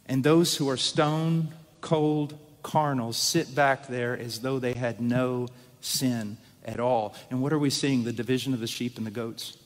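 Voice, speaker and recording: A middle-aged man preaching a sermon in a church, swinging between loud urgent emphasis and quiet intensity. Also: medium pitch, steady tone, a little slow. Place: church sanctuary. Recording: long reverb of a large hall.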